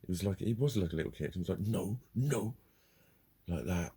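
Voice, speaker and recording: A man's voice: low-pitched, very fast, dark tone, breathy edge. A man ranting casually in a sweary, heated way, telling a story with bursts of laughter. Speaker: vlogger.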